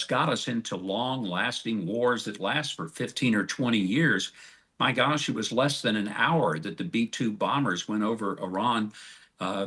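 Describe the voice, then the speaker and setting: A man's voice: medium pitch, a bit bright. An older man answering as an ambassador in a TV interview, emphatic and folksy. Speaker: guest, ambassador.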